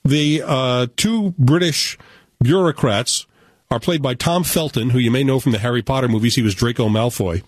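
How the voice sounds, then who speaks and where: American male film critic, animated and opinionated, casual chat, dry close mic. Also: medium pitch, moderate pace, no echo. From United States.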